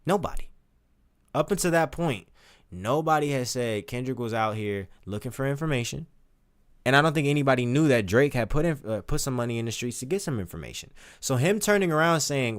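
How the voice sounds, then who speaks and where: Man giving animated casual commentary. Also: a little fast. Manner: animated, profane, recites lyrics with shifting pitch and loudness. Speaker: streamer discussing rap lyrics.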